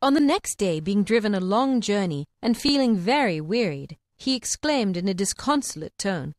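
A woman narrating an audiobook of fables with clear, expressive storytelling. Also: medium pitch, normal speed, hardly any pauses, dry recording, studio quality.

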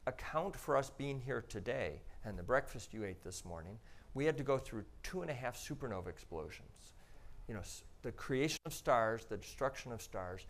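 A man giving a public talk about space images, walking the audience through slides in a relaxed, conversational way with frequent pauses and filler words. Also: mid-range voice. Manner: conversational, explaining step by step with frequent "um" and "you know".

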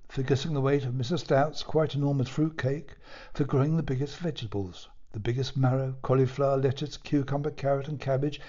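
Mellow-voiced man reading a storybook. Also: mid-range voice, muffled recording. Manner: measured, playful storytelling. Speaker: author.

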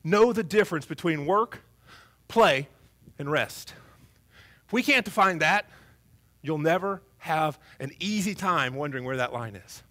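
A pastor preaching in a church, joking and chatting with his congregation. His slightly high voice swings between punchy bursts and quiet asides. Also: measured pace, pauses often. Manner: humorous, animated, conversational preaching. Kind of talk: sermon.

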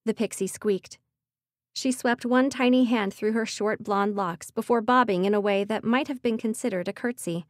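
A woman narrating a fantasy audiobook in a steady, measured storytelling voice. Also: fairly high pitch, dry recording, studio quality. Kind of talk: scripted narration.

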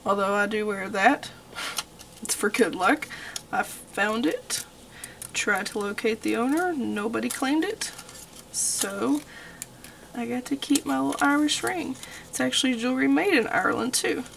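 A young woman with a Texan accent talks you through a craft project in a relaxed, homey way, saying y'all and okay as she goes. Her voice sits a bit high with a gravelly fry. There is a faint hiss behind her. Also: unhurried. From Texas. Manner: homey, chatty, says y'all and okay a lot. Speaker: craft tutorial host. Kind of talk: casual crafting tutorial.

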